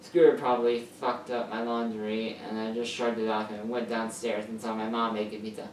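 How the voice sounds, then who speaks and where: A woman's voice: very deep voice, level tone, moderate pace, a little mellow, recorded from a distance. A woman reading a first-person story aloud, stumbling over words and correcting herself as she goes. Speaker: story reader. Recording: echoey room, off-mic, faint hiss.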